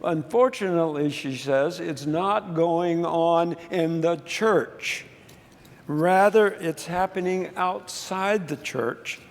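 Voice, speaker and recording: A man's voice: fairly high pitch, slow pace. A man preaching a sermon, telling a story with frequent restarts and fillers. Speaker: pastor. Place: church sanctuary. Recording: long church reverb.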